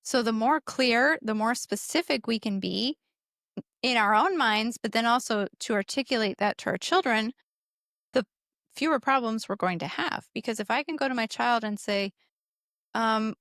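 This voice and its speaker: A woman's voice: fairly high pitch, normal speed, fairly bright tone, no room sound, clean studio sound. A middle-aged woman co-hosting a podcast, explaining parenting ideas earnestly in casual conversation. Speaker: podcast co-host.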